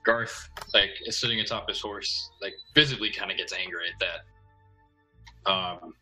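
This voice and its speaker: A man chats as a player in a tabletop game, loose and full of fillers. His voice is low but very sharp and bright. Faint music plays behind. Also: steady tone, normal speed, low-quality recording. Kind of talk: casual chat at a tabletop game.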